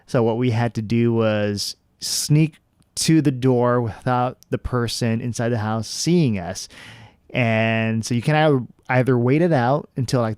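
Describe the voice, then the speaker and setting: Casual, smooth-voiced young man. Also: medium pitch, no room sound, clean studio sound. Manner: relaxed, many fillers and restarts. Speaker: vlogger reviewing attractions. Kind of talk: casual review talk.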